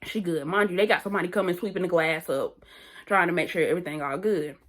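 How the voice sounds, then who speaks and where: A woman's voice: lowish voice, fast. Chatty young woman telling a story. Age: young adult. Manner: animated, slangy, repeats phrases. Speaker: vlogger. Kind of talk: casual storytime.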